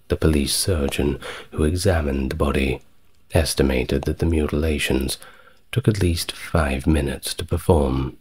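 A man giving a calm, soft-spoken ASMR history narration, measured and steady, with wry conversational asides. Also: extremely low pitch, slightly rough.

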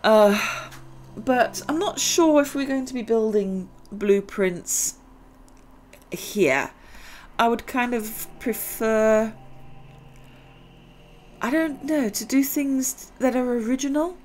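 A woman's voice: on the high side, slow, darkish tone, slight background noise. A middle-aged woman, chatting and giggling her way through a let's-play game session. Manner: chatty, rambling, giggly asides. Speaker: gaming video host. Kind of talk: casual let's-play commentary.

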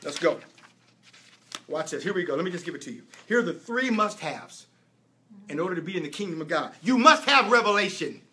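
A man's voice: fairly high pitch, animated, fairly quick, pauses often, a bit bright. A middle-aged man preaching a sermon, telling his testimony in an emphatic, storytelling way. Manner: emphatic storytelling, rising and falling with repetitions. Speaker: apostle and preacher.

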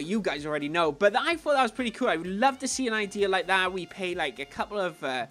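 A man hosting his own gaming channel, giving chatty gameplay commentary that swings between low mumbling and excited squeals. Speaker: YouTube gaming channel host. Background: faint background music.

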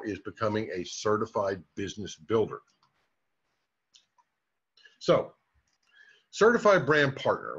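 Husky-voiced man giving a coaching talk. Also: medium pitch, a bit bright. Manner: direct, coaching, tag questions to the listener. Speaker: business trainer. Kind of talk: motivational training talk. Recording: dull lo-fi recording.

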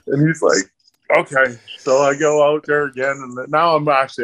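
A middle-aged man, a podcast guest, telling profane, animated stories about his hockey days in a casual way. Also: medium pitch, fairly quick. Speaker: podcast guest, former pro hockey enforcer. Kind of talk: casual storytelling.

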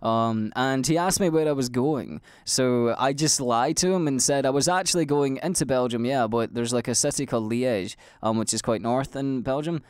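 A young Scottish man rambles through stories on his own podcast, sweary and animated, bursting into loud acted-out quotes. His voice sits at an ordinary middle pitch. The recording is dry and close, with no room sound. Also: normal speed, few pauses, clean tone, no echo. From Scotland. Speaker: podcast host. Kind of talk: casual rambling monologue.

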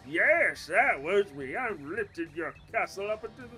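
A man's voice: high-pitched, very animated, faint music behind, pitched above the performer's own voice, heavily acted. A man playing a gloating monster king. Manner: loud, slow and gloating. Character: boastful male monster king villain.

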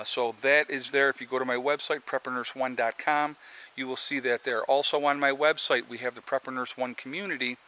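A man's voice: mid-range voice, pushed and bright. A man vlogging casually outdoors by his chicken coop, talking to viewers in a chatty, rambling way with lots of fillers. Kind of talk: casual vlog talk to viewers.

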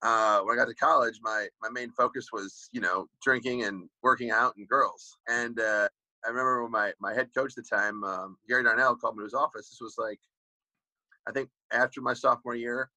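Husky, forceful man telling rambling stories. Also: medium pitch, dry recording, low-quality recording. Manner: rambling storyteller, many "you know" fillers and restarts. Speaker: guest, former pro football player. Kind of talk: casual interview talk.

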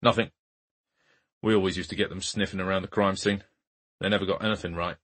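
A man doing a blunt, flat detective. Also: fast talker, dry recording. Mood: dry. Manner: flat, blunt, low-key. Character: blunt, menacing male police investigator.

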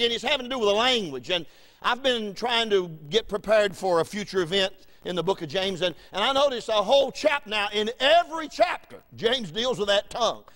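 Preacher, male, high-pitched, folksy storyteller, big swings in volume. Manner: folksy, wide swings from loud to hushed. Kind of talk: storytelling sermon.

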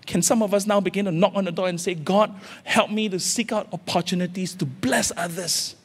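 Impassioned pastor, high voice, echoing hall. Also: male voice, steady tone, brisk, breathy edge. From Singapore. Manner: urgent, repetitive exhortations with rising calls. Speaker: senior pastor. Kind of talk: impassioned sermon. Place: large church hall. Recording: reverberant church hall with faint music.

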